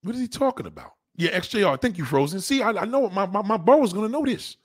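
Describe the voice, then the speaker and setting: A man's voice: fast talker, breathy edge, dry recording. Guy ranting on his live stream, mocking and cussing, voice swings way up and down, dry sound. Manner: mocking, profane, repeats himself for emphasis; animated, pitch jumps up when indignant. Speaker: livestreamer reading viewer comments. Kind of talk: heated live-stream rant.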